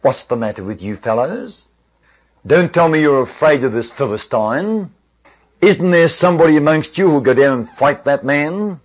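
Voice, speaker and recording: A man's voice: on the high side, lively intonation, normal speed. A man voicing a bold young shepherd boy in a told Bible story, asking earnest, indignant questions in his own everyday voice.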